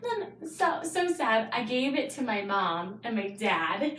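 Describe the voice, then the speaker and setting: A young adult woman talks casually as a podcast guest, animated and quick to laugh. She sits a bit back from the mic. The room echoes around her voice. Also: fairly high pitch. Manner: animated storyteller, laughs often. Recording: roomy, distant mic.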